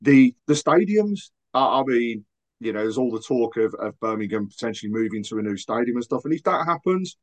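A man's voice: medium pitch, animated, fairly quick. A man guesting on a football podcast, earnest and agreeable in casual chat.

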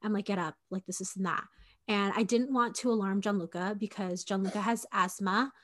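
A young woman in her twenties tells a personal story in a loose, conversational way. She scatters "like" and fillers through her talk and acts out what each person said. Her voice sits at an ordinary middle pitch for a woman. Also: fairly even intonation, a little fast. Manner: conversational, frequent "like" and fillers, acts out quoted dialogue.

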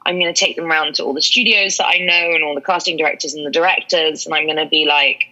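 A London actress and mentor speaks candidly and emphatically in a casual interview, laughing often, with a London English accent. Her low voice is steady, fast, pushed, and bright, captured in dull lo-fi audio.

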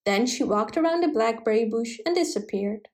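A woman with a slightly high voice reads a fairy tale aloud. Her telling is steady and gentle, in a storybook manner. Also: normal speed. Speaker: narrator. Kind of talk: storybook reading.

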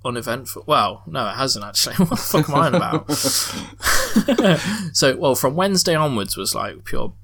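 A man's voice: fairly high pitch, very animated, normal speed, a bit bright, slightly rough. A young man hosting a podcast, telling stories in casual chat, swearing freely and laughing often. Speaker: podcast host. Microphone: headset mic with headphones.

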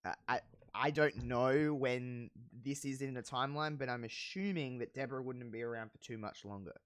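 Animated host with a dry close sound. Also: mid-range voice, moderate pace, clean tone, dry recording. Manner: animated storytelling, profane, laughing. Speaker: podcast host recapping wrestling. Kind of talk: casual chat.

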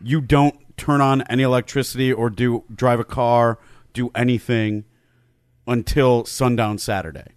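A man joins a comedy podcast as a guest and fires off dry, sarcastic quips. His voice sits at a medium pitch. The sound is close and dry. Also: steady tone, moderate pace, clean tone, dry recording. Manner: wry, sarcastic, self-pitying humor. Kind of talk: casual comedy podcast banter.

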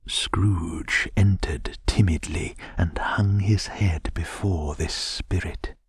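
A man in whispered bedtime narration, reading a classic tale to lull listeners to sleep. His voice is very deep and gravelly with a breathy, husky hush. The delivery is slow and soft. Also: fairly even intonation, dry recording, clean studio sound. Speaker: storyteller.

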